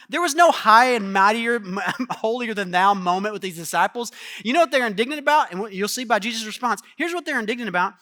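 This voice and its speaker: A man preaching a sermon as pastor, casual and animated, acting out the quotes in his stories. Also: very high voice, quick pace, hardly any pauses.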